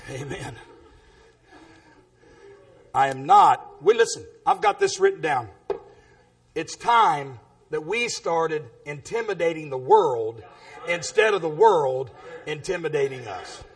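A man preaching a storytelling sermon in a big booming voice, dropping in "amen" as he goes and breaking into shouts. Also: very animated, slow pace, long pauses.

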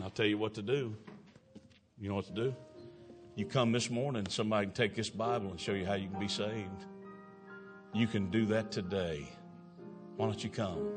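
Middle-aged preacher, man, folksy and exclamatory, slightly low voice. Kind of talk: evangelistic sermon with storytelling.

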